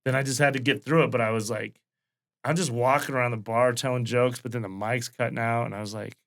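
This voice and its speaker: A male stand-up comedian from Wyoming, telling profane, animated stories in a casual chat. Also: mid-range voice, fast.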